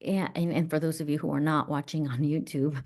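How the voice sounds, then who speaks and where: A middle-aged woman hosting a podcast, telling a personal story in an animated, reflective way. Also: sits low, brisk. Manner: animated, reflective, acts out voices. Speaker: podcast host.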